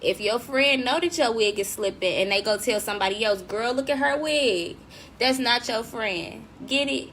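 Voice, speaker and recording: A woman's voice: a little high, normal speed, few pauses, a little hiss or hum. A young woman hosting a casual livestream, talking slangy and upbeat to viewers and reading their comments. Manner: lively, slangy, laughs often, addresses viewers directly. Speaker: host. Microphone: desk mic.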